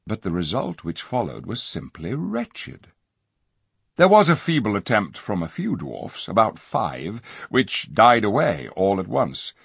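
A man narrating a storybook in an expressive, lively way. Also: on the low side, unhurried, creaky, slightly rough, dry recording, clean studio sound. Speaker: audiobook narrator. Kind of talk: storybook reading.

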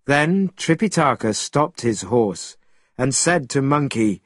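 Guy reading a storybook, slow and husky, lively pitch, raised voice. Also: no room sound, studio quality. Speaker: narrator.

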